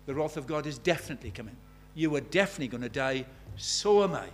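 An older man preaching an evangelistic sermon, impassioned, dropping to a hush and then rising loud. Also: fairly high pitch, animated, quick pace. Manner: impassioned, swings from hushed to loud.

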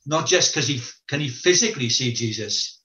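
A man's voice: mid-range voice, expressive, brisk, pushed and bright. A man preaching a sermon, telling stories and acting out the quoted voices, with questions repeated to the listeners. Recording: echoey room, dull lo-fi sound.

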